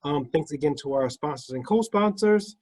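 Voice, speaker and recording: A man's voice: a little high, expressive, moderate pace, a little mellow, rough recording. A man organizing the event, giving casual closing thanks and announcements over a video call. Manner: casual, many "um" fillers.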